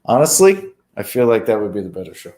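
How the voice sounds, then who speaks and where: A man's voice: lowish voice, sing-song, fast, warm tone. Joking man in an echoey room. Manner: joking, teasing, talks while busy. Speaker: podcast co-host. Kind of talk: casual chat while setting up a live stream. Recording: echoey room, faint noise.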